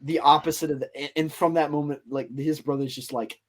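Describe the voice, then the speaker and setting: A man's voice: a little high, fairly even intonation, fairly quick. A man hosting a podcast, retelling a story in a loose, rambling way with lots of fillers. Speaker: podcast host. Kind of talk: casual storytelling chat.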